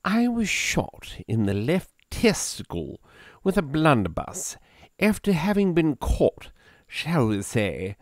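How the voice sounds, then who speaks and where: A man's voice: fairly high pitch, no echo, clean studio sound, voice pushed up. Pompous English toff, as a man puts him on. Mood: boastful. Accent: put-on upper-class English. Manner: grandiloquent, mock-solemn storytelling. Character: pompous upper-class English gentleman, murdered repeatedly.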